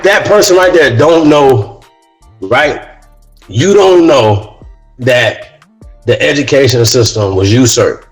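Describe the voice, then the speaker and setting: Poor audio captures a medium-pitched man hosting a laid-back talk show podcast. He drifts through a loose monologue peppered with "man" and "right?", growing heated along the way.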